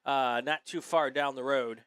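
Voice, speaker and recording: A man's voice: medium pitch, fairly even intonation, measured pace, fairly bright tone, slight background noise. A man giving easygoing live play-by-play of a sports car race, with many fillers. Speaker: race commentator.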